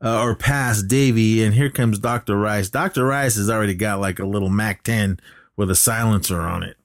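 On a laid-back podcast, a male co-host retells a film's story in a lowish, steady voice at a moderate pace. The studio recording is clean with no room sound, and his recap wanders, stuffed with fillers and performed bits of dialogue.

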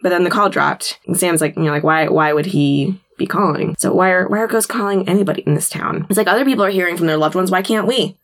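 A woman's voice: on the low side, quick pace, hardly any pauses. A woman co-hosting a podcast, casually retelling a TV episode scene by scene and quoting characters between bursts of laughter. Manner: retells scenes with quoted lines and frequent laughter. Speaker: podcast co-host. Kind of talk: casual chat recapping a TV episode.

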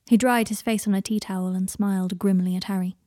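Female storyteller, gentle delivery, warm tone, dry booth-like sound. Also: mid-range voice, steady tone, fast, no echo. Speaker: fan fiction reader. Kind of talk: audiobook narration.

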